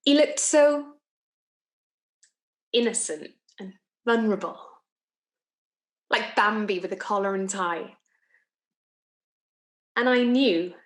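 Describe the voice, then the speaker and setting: Lovestruck office worker, giggly confiding monologue, echoey room. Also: female voice, medium pitch. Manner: chatty, confiding, giggly asides. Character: lovestruck young office woman, giddy and self-deluding. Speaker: actor in a monologue. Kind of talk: theatrical monologue.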